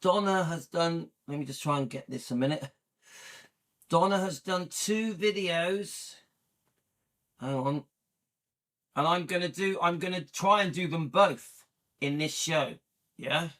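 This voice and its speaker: Man hosting his own channel, slow and rambling with fillers, high-pitched. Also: a bit bright. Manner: rambling, chatty with frequent fillers. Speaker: channel host. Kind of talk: casual chat to camera.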